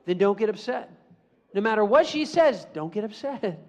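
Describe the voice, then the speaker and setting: A man's voice: sits high, animated, moderate pace, darkish tone. A man voicing a patient but firm schoolteacher who questions a pupil and instructs him. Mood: instructive.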